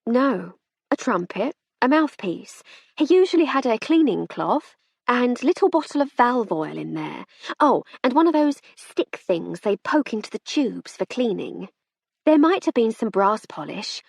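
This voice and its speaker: A woman's voice: a little high, sing-song, measured pace, vocal fry, husky, no room sound, pitched above the performer's own voice, heavily acted. A woman doing a chatty young musician. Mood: earnest. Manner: chatty, earnest.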